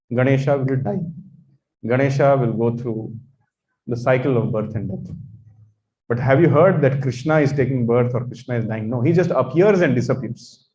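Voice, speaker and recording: A man's voice: medium pitch, a little mellow. A man with an Indian English accent, teaching a religious course and preaching emphatically. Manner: emphatic, repeats phrases, chants in sanskrit. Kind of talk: religious lecture. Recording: echoey, dull lecture recording.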